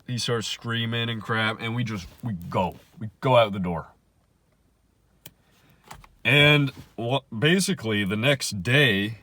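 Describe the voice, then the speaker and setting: A young man casually telling a story on his vlog, animated and swinging between loud bursts and muttered asides. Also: mid-range voice, no room sound.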